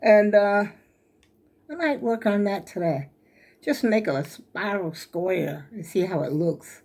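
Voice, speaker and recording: A woman's voice: medium pitch, animated, slow pace, darkish tone. An older woman, chatting casually and rambling folksy to her viewers at home while a little out of breath. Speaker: vlogger showing her crochet. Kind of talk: casual chat to camera.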